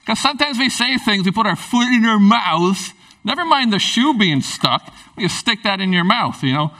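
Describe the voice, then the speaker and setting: A man's voice: sits high, sing-song, moderate pace, bright, forceful tone, far from the mic, low-quality recording. A man preaching a sermon in a conversational, emphatic way. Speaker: pastor.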